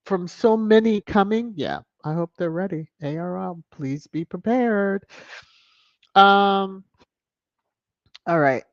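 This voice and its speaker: A woman's voice: on the low side, lively intonation, slow, gravelly, pauses often, dry recording. A woman hosting a live stream, chatting casually as she reads and thanks viewers for their donations. She is effusive and laughs often. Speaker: channel host. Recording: dull, dry lo-fi sound.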